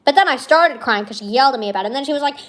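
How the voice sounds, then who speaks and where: A woman's voice: sits high, expressive, rapid-fire, fairly bright tone. Sarcastic, rambling young woman. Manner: rambling, laughs often, sarcastic. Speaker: vlogger. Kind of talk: casual ranting vlog.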